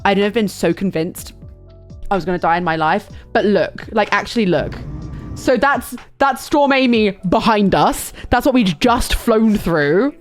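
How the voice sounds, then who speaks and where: A young woman streamer telling a chaotic travel story in casual chat, animated and full of fillers and restarts. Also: medium pitch, unhurried, faint music behind.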